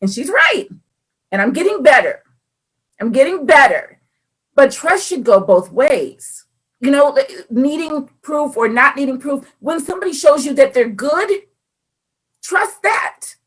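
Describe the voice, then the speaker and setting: A woman's voice: high-pitched, measured pace. A woman, co-hosting a casual faith chat and animatedly talking through her thoughts. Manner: animated, acts out quoted voices. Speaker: podcast co-host.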